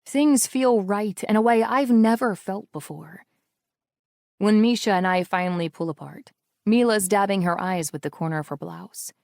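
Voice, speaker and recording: A woman's voice: medium pitch, normal speed, gravelly, a little mellow, no echo, studio quality. A woman narrating a first-person romance audiobook in an intimate, emotional reading style.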